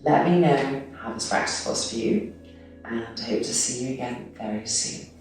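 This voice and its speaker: A woman teaching yoga, guiding the class in a soft, slow and soothing voice that trails into near whispers. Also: a bass voice. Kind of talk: guided yoga instruction. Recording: echoey room, voice from a distance, soft music. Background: soft instrumental music.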